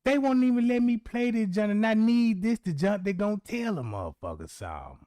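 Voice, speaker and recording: A man's voice: sits high, very animated, brisk, dark tone, no room sound, clean studio sound. A man hosting a livestream in loose, casual talk, often frustrated with his setup. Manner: loose, frustrated, addresses chat as bro. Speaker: livestream host.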